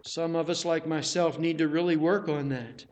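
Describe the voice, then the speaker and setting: A man's voice: fairly high pitch, fairly even intonation, moderate pace, a little mellow. A man preaching a sermon. He exhorts his listeners with direct questions and repeats key phrases for emphasis.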